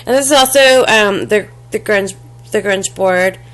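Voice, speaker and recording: A woman casually showing a handmade craft box and mini album to the camera, halting often with fillers and restarts and apologizing as she handles things. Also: mid-range voice, fairly bright tone. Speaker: crafting vlogger. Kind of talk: casual show-and-tell craft demo.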